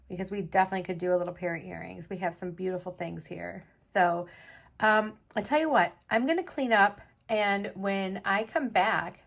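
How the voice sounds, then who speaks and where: A woman vlogger chatting casually as she makes jewelry, thinking aloud with lots of fillers. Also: medium pitch. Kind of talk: casual crafting chat.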